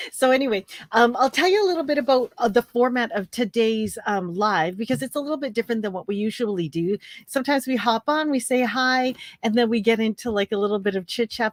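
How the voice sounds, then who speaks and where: A woman's voice: mid-range voice, dry recording, clean studio sound. A woman hosting a casual livestream, chatty and greeting viewers by name, her throat a little phlegmy. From Canada. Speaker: livestream host. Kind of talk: casual live chat.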